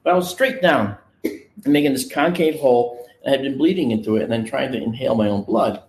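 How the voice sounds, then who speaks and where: A man casually telling a personal story in an animated way, acting out the voices of the people he quotes. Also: medium pitch, brisk, roomy sound. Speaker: guest recounting a personal experience. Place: on location, indoors.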